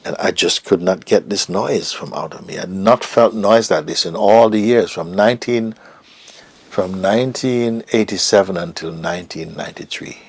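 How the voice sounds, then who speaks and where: A man's voice: sits low, normal speed, darkish tone, breathy edge, no echo. A middle-aged man recounting a personal story as an interview guest, reflective and hesitant, sometimes dropping to a whisper. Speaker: interview guest, spiritual teacher.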